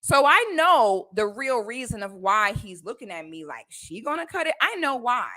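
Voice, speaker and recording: A woman telling a personal story on a livestream in a casual, animated, slangy way. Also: on the high side, moderate pace.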